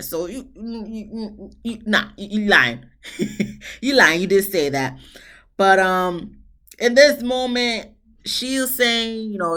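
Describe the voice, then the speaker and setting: A woman, recapping a reality show episode in a casual, animated way and acting out the quotes. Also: medium pitch, unhurried. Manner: chatty, animated retelling with voiced quotes. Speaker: TV show reviewer.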